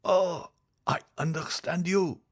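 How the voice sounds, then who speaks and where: A dying servant, high and wailing. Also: male voice, fairly even intonation. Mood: despairing. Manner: gasping, wailing, drawn-out cries. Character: dying old male servant in agony. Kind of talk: audiobook character voice.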